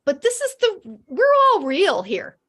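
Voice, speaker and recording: A woman on a video call from home, chatting casually and telling lively stories about a group program, acting out what people say. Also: sits high, a little slow. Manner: animated storyteller acting out quotes. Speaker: program member.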